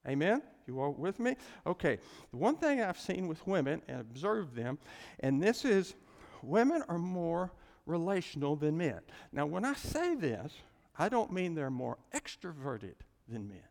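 A man's voice: fairly high pitch, very animated, measured pace, creaky, a little mellow, long reverb tail. A man teaching a class in an informal, rambling way, with chuckles and folksy asides, like a pastor.

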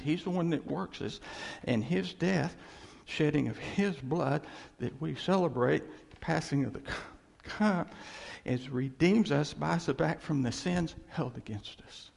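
A man preaching in an animated way, rising to loud exclamations and then dropping to hushed asides. His voice is gravelly and husky, and it carries a long reverb from the hall around him. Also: on the high side, normal speed. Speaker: pastor. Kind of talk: sermon.

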